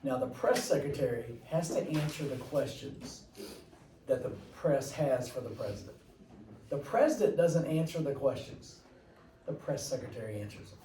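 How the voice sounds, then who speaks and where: A man's voice: medium pitch, lively intonation, normal speed, mellow, reverberant, recorded from a distance, a little hiss or hum, poor audio. A man teaching a class, chatty and rambling, with jokey asides to his students. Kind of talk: classroom lecture.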